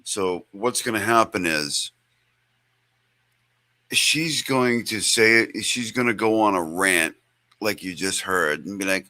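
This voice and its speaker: A man's voice: lowish voice, takes it slowly, long pauses, bright, forceful tone, no room sound. A man hosting a show, chatting casually in a rambling, profane way. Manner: rambling and profane, with many fillers. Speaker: show host. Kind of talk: casual chat.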